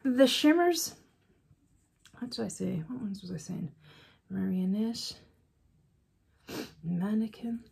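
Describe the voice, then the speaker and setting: A woman's voice: mid-range voice, lively intonation, slow, gravelly, long pauses, a little mellow, husky. A woman chatting casually as a beauty vlogger reviewing eyeshadows, teasing herself and talking to herself as she goes.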